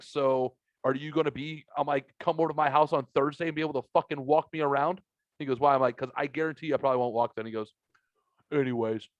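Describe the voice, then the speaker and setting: Speaking from a home basement, a man hosting a podcast tells a meandering, foul-mouthed story in casual conversation, acting out both people in each exchange. His voice is mid-pitched, with no room sound and the high frequencies rolled off.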